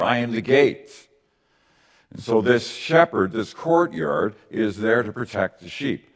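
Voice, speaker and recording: A man preaching a conversational teaching sermon to his congregation, often checking in with the listeners with little tag questions. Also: on the low side. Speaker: pastor.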